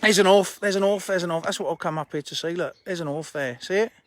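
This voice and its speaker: This man runs a fishery and is live-streaming from a handheld phone at the lakeside, chatting and laughing through viewers' comments. He talks fast in a high voice with a fairly bright tone, and birds sing faintly amid the outdoor noise.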